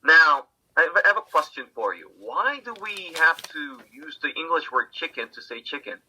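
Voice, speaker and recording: A man's voice: on the high side, sing-song, normal speed, bright, forceful tone, a little hiss or hum, rough recording. A man teaching a language class, often checking in with the room and repeating words. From Korea. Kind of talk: classroom lecture.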